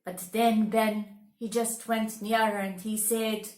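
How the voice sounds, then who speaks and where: A woman tells a children's story in a high voice, very slowly and expressively, with dramatic pauses. The echoey room is clear around her. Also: steady tone, darkish tone.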